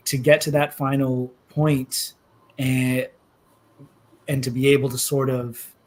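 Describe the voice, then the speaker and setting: Thoughtful man, halting and earnest. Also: medium pitch, mellow, rough recording. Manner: thoughtful, halting, emotional at times. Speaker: novelist, interview guest. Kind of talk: reflective interview talk.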